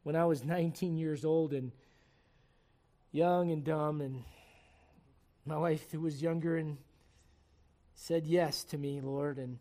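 This is a middle-aged male pastor from Puerto Rico, his voice sitting notably high for a man. He preaches to a live congregation with fervent, earnest delivery, dropping to quiet appeals and tossing in wry jokes. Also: steady tone, takes it slowly, pauses often. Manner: joking asides to the congregation. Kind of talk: sermon. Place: church service before a congregation.

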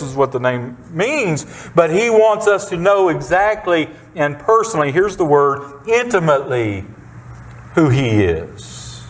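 A man preaching a sermon, reading scripture and explaining it in a deliberate, emphatic way, repeating his key phrases for weight. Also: high-pitched. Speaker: pastor.

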